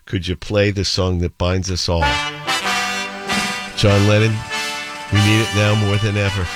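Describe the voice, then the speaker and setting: A man's voice: lowish voice, little pitch movement, a little slow, loud music behind the voice. A man in his seventies hosting a radio show, chatting with listeners and telling stories with playful accent imitations. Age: 70s. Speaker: radio host. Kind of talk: radio show chat with listener shout-outs and anecdotes.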